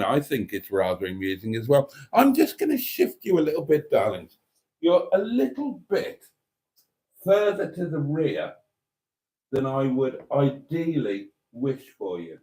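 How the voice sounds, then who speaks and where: A man's voice: mid-range voice, darkish tone. A man hosting a casual live chat, reading out viewer comments in a camp, theatrical manner. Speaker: host of a live chat show.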